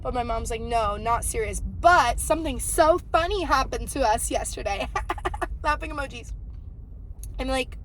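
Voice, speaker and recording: A 28-year-old vlogger from New Jersey tells a rambling story in casual, chatty vlog talk, filled with lots of "like" and "um." Her voice sits high and a bit bright at a moderate pace, in a low-quality recording with slight background noise.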